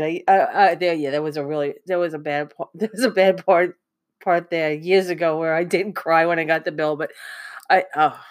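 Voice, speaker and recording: A woman casually telling a personal anecdote, often breaking into laughter and poking fun at herself. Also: medium pitch. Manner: giggly, self-mocking, often laughs mid-sentence. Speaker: podcast host. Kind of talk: casual storytelling monologue.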